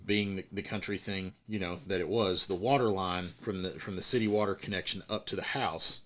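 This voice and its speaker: A man's voice: low-pitched, a little fast. A middle-aged man, hosting a podcast and telling a story in casual chat, acting out the voices of the people in it. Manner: animated storyteller, acts out quotes. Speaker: podcast host.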